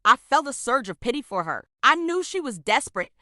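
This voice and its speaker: Bright, dry-voiced woman reading a story. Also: high-pitched, very animated, brisk, no room sound. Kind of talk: scripted story narration.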